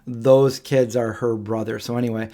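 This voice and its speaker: Rambling, halting man hosting a livestream. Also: mid-range voice, little pitch movement, mellow. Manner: rambling, halting, with many ums and restarts. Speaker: livestream host. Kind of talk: casual storytelling on a live Q&A stream.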